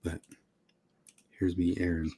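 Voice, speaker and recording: A man's voice: low-pitched, monotone, slow pace, warm tone, slight background noise. A man hosting a casual podcast chat, talking in a loose, rambling, joking way. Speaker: podcast host.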